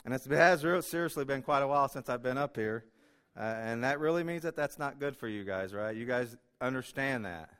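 A man delivers a church sermon in a relaxed, emotional way, often pausing on "uh" fillers. His voice is smooth and clear at an ordinary pitch for a man. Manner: emotional, chatty, self-deprecating, many fillers. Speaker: guest preacher. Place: church sanctuary.

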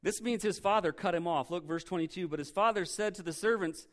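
A man preaching a sermon as pastor, earnest and emphatic, repeating key phrases and dropping softly low on the lines he stresses. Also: a little fast, hardly any pauses.

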